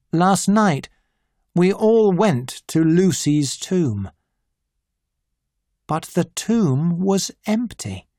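A narrator reading a simplified classic story in a clear, deliberate style. The pacing is exceptionally slow, and the voice sits in a middle register. The recording is dry and close, with no room sound. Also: mid-range voice, darkish tone, dry recording. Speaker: audiobook narrator.

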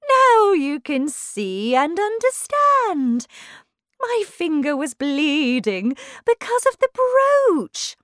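An eccentric old queen from a storybook cries out in high, swooping tones, voiced by a woman narrator. She drawls her words slowly and dramatically, close and dry. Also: huge pitch swings, fairly bright tone, no echo, exaggerated voice. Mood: theatrical. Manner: slow, high and exclamatory.

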